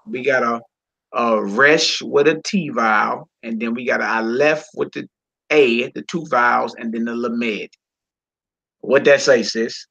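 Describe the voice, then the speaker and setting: A man teaching a Hebrew reading class in a relaxed, informal way, talking to students while he works the screen. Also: medium pitch, a little slow, creaky. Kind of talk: casual online class lesson. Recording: lo-fi recording.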